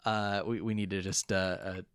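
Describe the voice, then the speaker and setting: On the low side and at normal speed, this man's clean voice comes through in studio quality with no echo. In his twenties, he co-hosts a casual podcast, animatedly retelling an anime episode and acting out quotes along the way.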